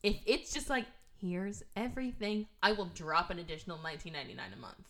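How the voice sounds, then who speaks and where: Bright, sarcastic woman podcaster. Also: fairly low pitch, very animated, rapid-fire. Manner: profane, sarcastic, acts out characters. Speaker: podcast co-host. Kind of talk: casual movie-review chat.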